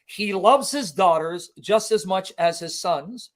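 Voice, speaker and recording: Guy preaching on a livestream, high voice, really fired up, keeps asking the audience do you see. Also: slow. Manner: impassioned, emphatic, rhetorical questions to the audience. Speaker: Christian preacher and apologist. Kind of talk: livestream Bible teaching.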